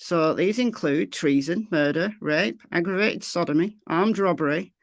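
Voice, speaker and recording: A Lancashire woman with a fairly low-pitched voice and a Lancashire accent hosts a casual true crime livestream at a moderate pace, answering viewers' chat. She's chatty, often repeats phrases and reads the chat aloud, heard in a clean, dry studio recording.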